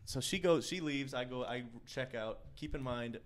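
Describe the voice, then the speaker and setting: A man's voice: medium pitch, normal speed, a little hiss or hum. A man co-hosting a podcast, rambling through a story in casual banter with lots of restarts. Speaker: podcast co-host.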